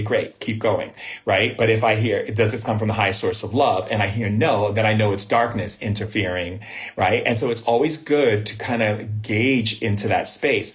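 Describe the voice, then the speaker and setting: A man giving a live spiritual talk, telling personal stories with rhetorical questions and a frequent "right?". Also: fairly low pitch. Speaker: spiritual teacher. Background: faint music.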